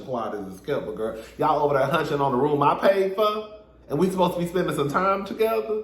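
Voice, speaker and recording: A man giving a sassy, animated casual recap of a reality show, talking straight to his viewers. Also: on the high side, fairly quick, echoey room. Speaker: reality TV reviewer.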